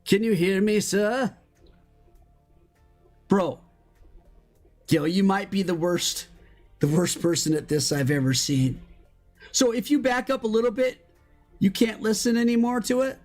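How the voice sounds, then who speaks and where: Slow-talking excitable game streamer. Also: faint music behind. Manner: excitable, slangy, bursts into high shouts. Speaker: Minecraft streamer. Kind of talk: live gameplay chat.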